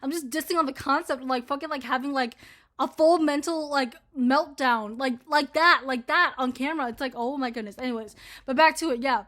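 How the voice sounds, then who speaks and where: A woman's voice: sits high, fast, sharp tone. A woman in her twenties ranting casually to her viewers, swearing a lot and rambling with constant filler words. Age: 20s. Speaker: vlogger. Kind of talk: casual ranting commentary to camera.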